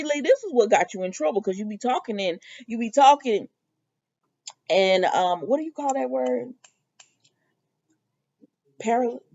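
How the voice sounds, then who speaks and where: A woman casually recapping a soap opera episode in a chatty, animated way, laughing as she retells scenes. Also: on the high side. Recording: dull lo-fi dry recording.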